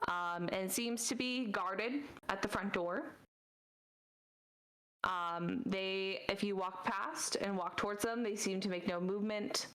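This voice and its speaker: A woman narrating as dungeon master in a tabletop game, describing scenes casually with many pauses and fillers. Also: mid-range voice, fairly bright tone, poor audio.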